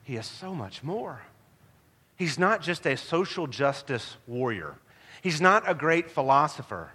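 Animated, bright-voiced preacher man. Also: fairly high pitch, a little slow, husky. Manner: emphatic, animated preaching with rhetorical questions. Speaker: pastor. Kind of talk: sermon. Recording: long hall reverb.

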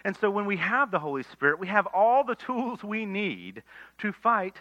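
A man preaching an expository sermon, earnest, rising to emphatic lines and dropping to quiet asides. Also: high-pitched, very animated, moderate pace. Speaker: pastor. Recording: dull lo-fi sermon recording.

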